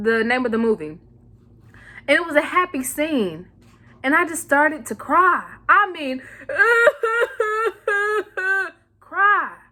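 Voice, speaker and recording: A young woman vlogger talks casually to her camera, sassy and animated. Her voice sits high and sounds bright and crisp. She throws in playful slang between points.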